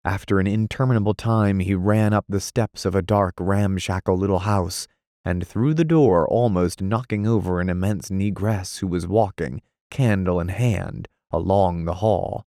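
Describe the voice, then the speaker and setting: Deep-voiced male audiobook narrator. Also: moderate pace, warm tone, no echo, studio quality.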